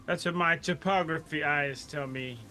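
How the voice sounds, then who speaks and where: Bright, higher-voiced man at the game table. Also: moderate pace. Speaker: player. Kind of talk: casual chat while playing a tabletop game.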